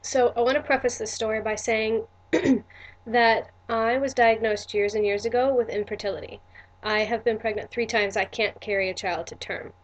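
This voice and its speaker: A woman's voice: a little high, steady tone, normal speed. A woman, telling a personal story in a candid, earnest vlog with many restarts and asides. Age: 40s. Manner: earnest and emotional. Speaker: vlogger.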